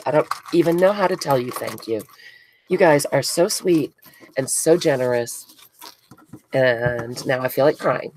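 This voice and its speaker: A woman's voice: extremely low pitch, a little mellow, slight background noise. A woman hosting a craft live stream, chatting casually with viewers and gushing with frequent giggles. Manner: giggly, gushing, reads out chat names.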